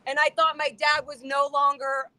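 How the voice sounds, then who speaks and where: A young woman outdoors on a street, talking in an excited, shaken way as a protester. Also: sits high, normal speed, no room sound, low-quality recording. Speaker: ex-member protester. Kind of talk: emotional street conversation.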